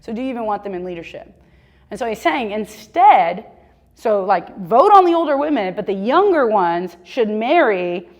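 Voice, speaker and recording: A woman leading a casual church Bible study discussion, talking in an animated, conversational way full of "like.". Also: mid-range voice, moderate pace, lo-fi sound. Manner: animated, conversational, heavy use of "like".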